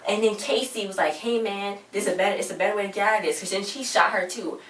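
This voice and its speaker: A young woman casually recapping a TV episode, retelling scenes and quoting the characters' lines in a chatty, animated way. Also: medium pitch, fast talker, hardly any pauses, distant mic. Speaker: TV show reviewer. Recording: roomy, from off-mic, faint hum.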